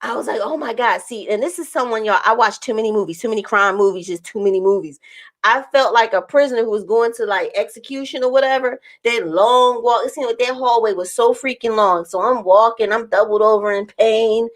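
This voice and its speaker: Animated woman vlogger telling a story. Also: on the high side, a little fast. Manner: animated, acts out quotes in a raised voice, laughs often. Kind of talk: casual storytelling to camera.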